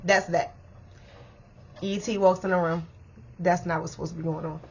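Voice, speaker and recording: Animated young woman telling a story. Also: lowish voice, moderate pace, breathy edge, muffled recording. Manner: animated, swearing, bursts of laughter. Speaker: vlogger telling a story time. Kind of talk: casual storytime chat to viewers.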